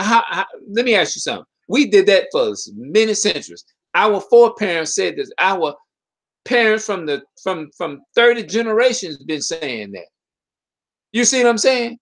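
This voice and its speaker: A man with a fairly high-pitched voice delivers a fervent, preachy monologue straight to his online viewers. He keeps circling back to the same rhetorical questions and often trips over his words and starts sentences again. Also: a bit bright. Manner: stumbles and restarts mid-sentence. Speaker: video commentator. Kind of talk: impassioned spoken monologue to viewers.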